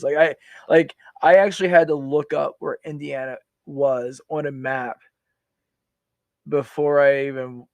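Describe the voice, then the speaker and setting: A man's voice: fairly high pitch, steady tone, normal speed, no echo. A man in his forties, a veteran guest on a podcast, telling his story in a rambling, casual way with many restarts and fillers.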